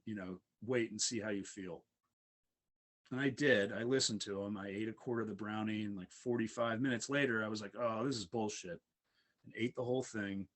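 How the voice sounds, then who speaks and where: A young adult man casually telling a long personal story, rambling with many fillers. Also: mid-range voice.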